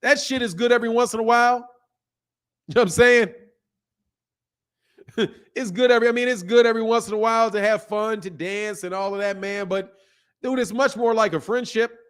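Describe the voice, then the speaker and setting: A high-voiced man speaking hosts a casual livestream. He reads viewer comments aloud and answers them bluntly, with profanity, laughter and animated asides. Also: a little fast, pauses often, clean tone. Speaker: boxing channel host.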